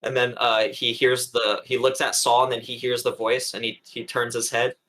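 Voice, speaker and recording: A player describing a character's actions in a tabletop game, halting with many restarts. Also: mid-range voice, flat delivery, fairly bright tone.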